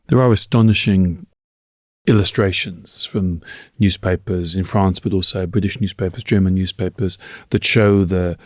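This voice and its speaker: A man with a very deep, low voice co-hosts a history talk. He is thoughtful and stacks his points one after another. The recording is close and dry, with no room sound. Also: steady tone, normal speed, dry recording. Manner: thoughtful, builds points in lists. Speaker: co-host. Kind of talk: history discussion.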